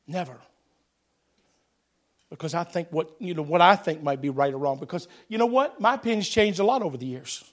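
A middle-aged male pastor preaching a sermon, telling folksy stories that swell into shouted preaching. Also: a little high, lively intonation, fairly quick.

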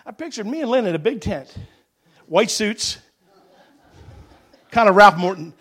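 A middle-aged male pastor preaching a sermon, telling folksy stories that swell into shouted preaching. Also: high voice, expressive, a little slow, breathy edge.

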